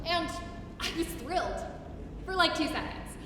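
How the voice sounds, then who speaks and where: Young woman, high voice, theatrical recital delivery, unhurried, distant roomy hall recording with piano. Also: noisy background. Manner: theatrical, expressive stage delivery. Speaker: student recital performer. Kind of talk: recital singing with piano and an acted monologue. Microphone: distant room mic. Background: piano accompaniment.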